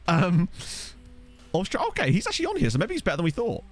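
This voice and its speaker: A young man giving casual, joking commentary over a football management game, reacting with quick exclamations. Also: high voice, huge pitch swings, soft background music. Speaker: gaming video host. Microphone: desk USB microphone.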